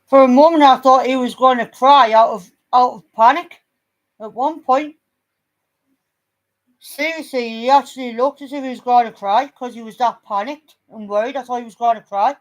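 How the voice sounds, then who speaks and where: A woman's voice: on the high side, fairly even intonation, normal speed. A woman, chatting casually on a vlog, blunt and teasing, swearing freely. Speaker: vlogger. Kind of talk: casual chat.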